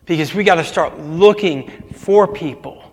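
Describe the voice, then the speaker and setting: High-voiced preacher in a reverberant hall. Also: male voice, moderate pace, a little mellow, breathy edge. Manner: interactive call-and-response questions. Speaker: pastor. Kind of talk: sermon.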